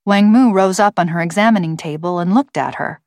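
This audiobook is read by a woman with a lowish voice, delivering scripted narration evenly and at a measured storytelling pace. The recording is dry and of studio quality.

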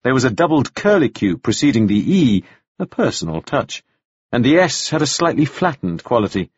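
A man narrating a novel in a measured, expressive reading. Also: mid-range voice, husky, no room sound, muffled recording. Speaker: audiobook narrator. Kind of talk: scripted narration.

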